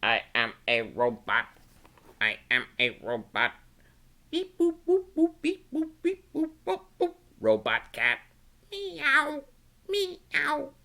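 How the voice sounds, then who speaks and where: A man's voice: very high-pitched, huge pitch swings, slow, vocal fry, sharp tone, pitched above the performer's own voice, full character voice. A man voicing a playful robot cat in a picture book, chanting beeps and boops in a singsong way.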